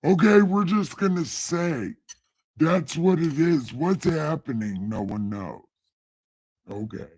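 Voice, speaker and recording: A woman's voice: low-pitched, animated, slow pace, darkish tone, slightly rough, no echo. A woman hosting a casual bedtime Bible-reading livestream, joking, swearing and laughing her way through the verses.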